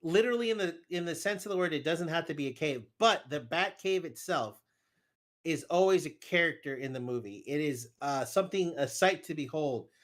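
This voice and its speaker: A man's voice: fairly high pitch, brisk. A man co-hosting a casual movie discussion podcast, talking emphatically and repeating points. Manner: animated, emphatic, repeats himself. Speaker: podcast co-host.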